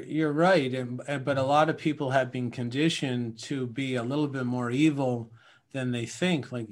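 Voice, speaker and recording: A man from Canada talking in a casual podcast conversation, emphatic and rambling, often acting out little scenes. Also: mid-range voice.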